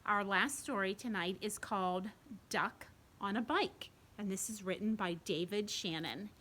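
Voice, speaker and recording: A woman reading a picture book aloud at a library storytime for young children, pausing to ask them questions. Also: mid-range voice. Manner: gentle, asks children questions while reading. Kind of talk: bedtime storytime read-aloud. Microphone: home video recording.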